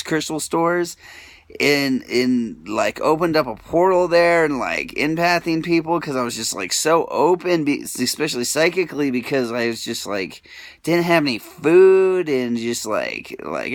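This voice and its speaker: Young man, fairly high voice, rambling confessional vlog, emotional swings, dry close recording. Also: no room sound. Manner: emotional, swings between mumbling and crying out; rambling, many filler "like"s. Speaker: vlogger.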